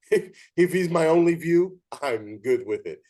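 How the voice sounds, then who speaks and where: A man's voice: fairly high pitch, measured pace. A man hosting an interview, an umpire who tells stories animatedly and acts out the dialogue. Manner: animated storytelling with quoted dialogue. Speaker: show host and umpire. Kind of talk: casual interview chat.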